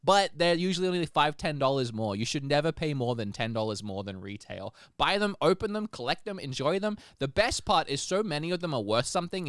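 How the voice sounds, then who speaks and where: A man co-hosting a podcast in casual chat, laughing often and talking in an animated way. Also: mid-range voice, clean tone, no room sound, clean studio sound. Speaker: podcast co-host.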